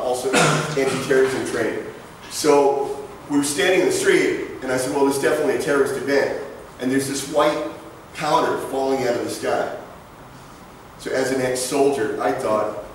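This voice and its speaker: A man's voice: medium pitch, slight background noise. Brief: middle-aged male speaker, mid-range voice, chatty anecdotal lecture style, distant echoey room sound. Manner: conversational storytelling with asides and jokes. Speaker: guest lecturer. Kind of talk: presentation to students. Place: large lecture hall. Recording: echoey hall from far off.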